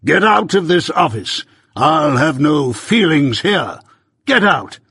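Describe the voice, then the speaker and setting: A man reading an audiobook, voicing a dictatorial lawyer who speaks in grave, measured, commanding tones. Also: mid-range voice, lively intonation, a bit bright, husky, dry recording, clean studio sound. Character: dictatorial middle-aged male lawyer, grave and magisterial.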